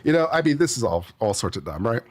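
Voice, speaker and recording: A man's voice: mid-range voice, sing-song, fast, no echo. A man with a mid-range voice gives casual legal commentary. He sounds sarcastic and exasperated as he reads passages from a brief and pokes holes in them. He keeps it loose and conversational. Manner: sarcastic, exasperated, acts out little scenes. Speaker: attorney commentator.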